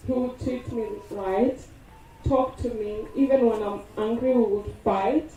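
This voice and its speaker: A young woman speaks slowly and tenderly at a funeral, reminiscing about her partner. Her voice is mellow and soft-edged. It reaches a distant mic in a very echoey hall, with faint noise behind. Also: a little high, steady tone. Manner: tender, reminiscing, quoting loved ones. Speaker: eulogy speaker, partner of the deceased. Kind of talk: funeral tribute speech. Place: funeral service venue.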